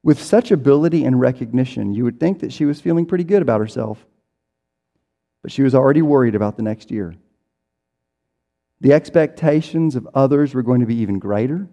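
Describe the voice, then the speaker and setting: A man's voice: medium pitch, lively intonation, a little fast, dark tone. A man preaching a sermon in a conversational way, acting out people's inner voices as he goes. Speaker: pastor. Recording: reverberant hall.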